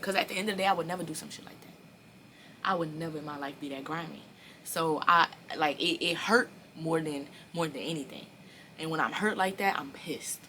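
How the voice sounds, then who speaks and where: A young woman telling a storytime vlog, animated and profane, speaking straight to her viewers. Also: low-pitched, a little fast, slight background noise. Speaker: vlogger.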